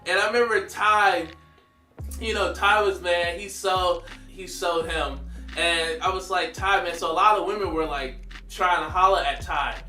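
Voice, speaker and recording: A man in his thirties telling a story in a slangy, animated way, laughing often. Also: high-pitched, a little slow, reverberant, distant mic, faint music behind. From United States. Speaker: vlogger. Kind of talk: casual storytelling.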